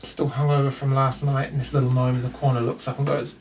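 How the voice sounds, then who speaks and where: A man's voice: mid-range voice, flat delivery, fast, far from the mic, very noisy. A man with a New Zealand accent narrating a tabletop game as game master, in a loose, rambling way.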